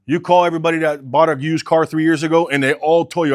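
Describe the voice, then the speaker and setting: A man's voice: on the high side, fast. A man coaching car salespeople, talking with energy and urgency and acting out sales calls. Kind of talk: sales training talk.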